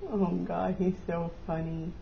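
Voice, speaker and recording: A woman's voice: fairly low pitch, little pitch movement, measured pace, vocal fry, muffled recording, slight background noise. A woman at home talking to her dog on a home camera, cooing and teasing him. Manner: coos and teases her dog. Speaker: pet owner filming her dog. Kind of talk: casual home video. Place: at home indoors.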